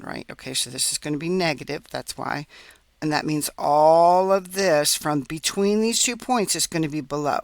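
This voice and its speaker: A man's voice: on the high side, a bit bright, dry recording. A man teaching a recorded math lesson, explaining step by step as he works on a graph and checking in often with "right?" and "okay?".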